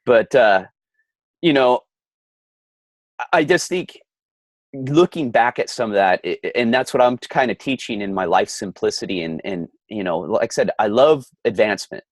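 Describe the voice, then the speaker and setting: A middle-aged man with a lowish, expressive voice speaks at a moderate pace in a dry recording. He's a podcast co-host ranting heatedly in casual chat, often stammering and restarting.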